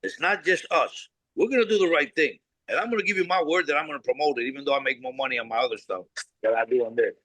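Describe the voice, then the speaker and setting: A bright, forceful man tells stories in an interview with no-nonsense bluntness, acting out both sides of past conversations and swearing freely. His voice is close and dry, with no room sound at all. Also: medium pitch, fast, no echo, poor audio. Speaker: cigar company founder, guest. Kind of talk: animated storytelling interview.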